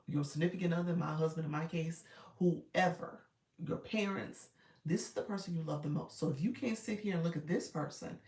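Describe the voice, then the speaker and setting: A woman's voice: sits low, creaky, darkish tone. A woman coaching viewers through a live stream in a chatty, colloquial way, greeting people as they come in. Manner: chatty, greets viewers by name mid-sentence; colloquial, uses y'all and ain't. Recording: roomy, distant from the mic.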